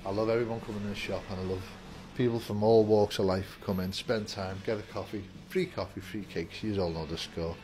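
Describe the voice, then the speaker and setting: A man's voice: fairly low pitch, steady tone, brisk, hardly any pauses, background noise. A man chatting casually to camera from inside his shop, upbeat and rambling. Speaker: vape shop worker greeting viewers. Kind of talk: casual vlog chat to camera. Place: inside a shop with the door open. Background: faint music in the shop.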